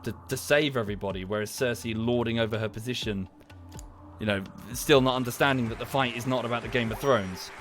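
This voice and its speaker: A man talks into a desk mic at home during a livestream, with faint music playing behind him. He rambles at a mid pitch, swears freely, and keeps trailing off and restarting his sentences. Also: fairly quick, a bit bright. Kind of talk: casual livestream rant. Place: home streaming setup.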